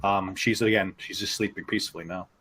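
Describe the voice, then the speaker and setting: A man playing a tabletop role-playing game, talking in a calm, reassuring way. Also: deep voice, fast talker, a little hiss or hum. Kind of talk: in-character table talk.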